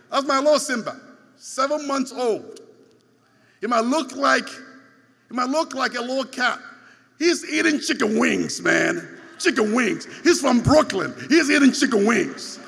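A man's voice: extremely high pitch, lively intonation, measured pace, creaky, a bit bright, slightly rough. A man preaching a sermon, stressing points by repeating phrases, heard in a large church hall. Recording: long hall reverb.

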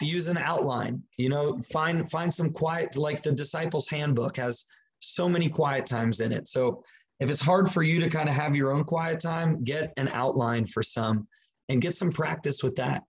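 A man giving relaxed, practical advice on daily Bible reading and prayer, talking conversationally with frequent fillers and restarts. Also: on the high side, husky, low-quality recording. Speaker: Christian teacher. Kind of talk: casual teaching talk.

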